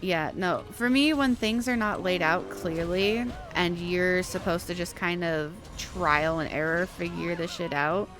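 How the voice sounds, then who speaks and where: A woman's voice: lowish voice, measured pace, few pauses, over music. A woman streaming a video game, chatting casually and venting her frustration while reading chat aloud.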